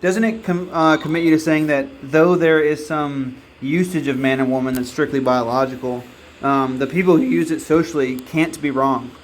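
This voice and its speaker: A man's voice: on the high side, fairly even intonation, normal speed, a little hiss or hum, rough recording. A man on a casual group call, probing others and explaining philosophical terms. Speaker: debate caller.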